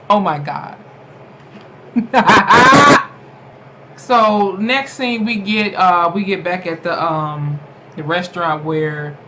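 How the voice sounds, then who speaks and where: Chatty laughing recap voice, lo-fi. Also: medium pitch. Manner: chatty and animated, laughing often, many fillers. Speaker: TV episode reviewer. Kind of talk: casual spoken episode recap. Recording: dull lo-fi home recording with faint noise.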